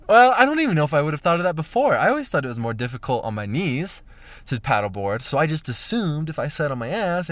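A man's voice: fairly high pitch, fairly bright tone, no echo. A young man telling a profane, rambling story about a mishap, with lots of fillers. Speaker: vlogger. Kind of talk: casual storytelling.

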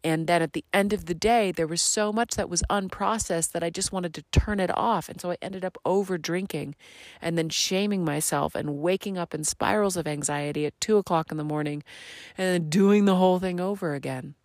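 A woman hosting her own podcast, talking in a slow, earnest, reflective monologue that drifts into soft half-whispers. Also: on the low side, no room sound, clean studio sound. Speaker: podcast host.

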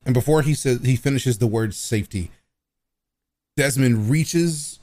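A man playing a tabletop game, describing his character's actions in a casual, halting way. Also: mid-range voice, warm tone. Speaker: player.

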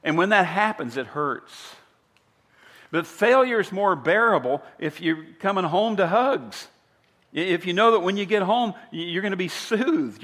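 A middle-aged man preaches a sermon in a conversational way, weaving in stories and often restarting his sentences. His voice sits fairly high for a man. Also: a bit bright. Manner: conversational storytelling, with frequent restarts. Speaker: pastor.

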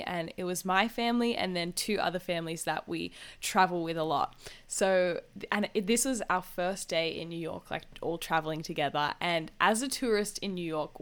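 A young Australian woman co-hosting a podcast, telling a story in a chatty, casual way with lots of "like" and frequent laughter. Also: lowish voice. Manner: chatty, laughs often, many "like" fillers. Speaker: podcast co-host.

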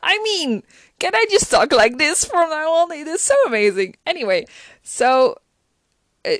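A woman's voice: sits high, sing-song, measured pace, no echo. A woman chatting casually and gushingly about a TV episode, full of restarts. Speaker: show reviewer.

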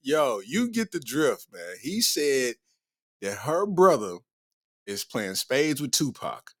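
The comedy podcast host here is a man who is very animated yet slow, with a medium-pitched, fairly bright voice. His casual commentary is irreverent, slangy and punctuated by plenty of laughter, and the recording is dry and studio quality.

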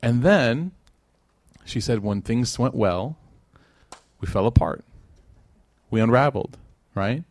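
Guy giving a lively religious lecture, jokey and chatty, voices the people in his stories, dry close sound. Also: medium pitch, slow pace, long pauses, no room sound. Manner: conversational and joking, with animated quoted voices.

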